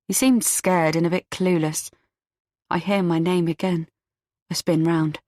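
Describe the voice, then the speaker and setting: A woman reading a first-person audiobook in a tense, measured storytelling manner. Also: fairly low pitch, no room sound, clean studio sound. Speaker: audiobook narrator.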